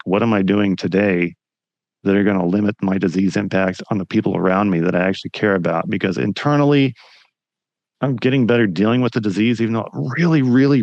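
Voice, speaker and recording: A man's voice: lowish voice, darkish tone, no room sound, dull audio. A man hosting a podcast interview, speaking in a reflective, emphatic way in casual conversation. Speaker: podcast host.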